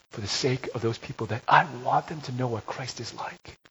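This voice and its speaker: A man preaching a sermon, telling a story and rising to loud, emphatic peaks. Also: mid-range voice, normal speed, few pauses, slightly rough. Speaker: pastor. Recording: dull lo-fi recording with faint hiss.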